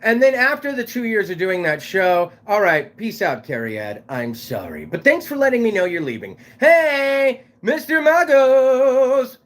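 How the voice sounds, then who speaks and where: Loud, shouting male livestream host. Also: high voice, big pitch swings, normal speed, few pauses. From Fresno, California. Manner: loud shouting delivery, crude swearing. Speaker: live show host. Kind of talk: casual livestream chat.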